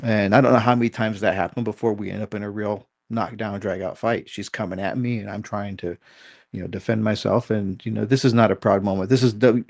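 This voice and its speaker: A man's voice: fairly low pitch, steady tone, a little fast, creaky, no echo, studio quality. A middle-aged man, a dog trainer and guest, telling a story in a candid, self-critical way and swearing casually.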